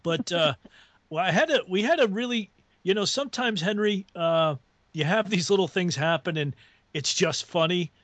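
Chuckling high-voiced man telling a story. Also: lively intonation, moderate pace, fairly bright tone. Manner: rambling, chuckles often, restarts phrases. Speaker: guest on a paranormal radio talk show. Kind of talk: casual storytelling.

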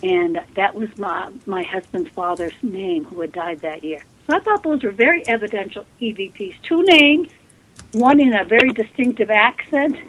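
On a rough recording with slight background noise, a woman speaks at medium pitch as a radio interview guest. She's a spiritualist medium, telling her story earnestly.

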